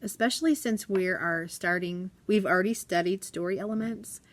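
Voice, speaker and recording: A woman's voice: mid-range voice, normal speed. Bubbly, giggly woman teacher chatting. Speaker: elementary school teacher. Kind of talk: casual classroom vlog chat. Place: at her desk in a classroom.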